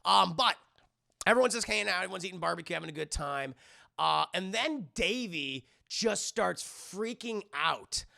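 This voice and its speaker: A man streaming live, recapping a movie in a casual, animated, profane way and talking to his chat. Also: high-pitched, moderate pace, gravelly.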